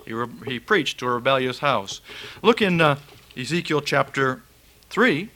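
A man's voice: mid-range voice, expressive, normal speed, sharp tone. A man preaching a fiery, folksy sermon and reading scripture aloud.

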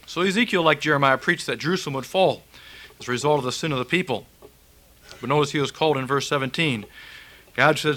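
A man's voice: a little high, a little fast, long pauses, pushed and bright. A man preaching a fiery, folksy sermon and reading scripture aloud.

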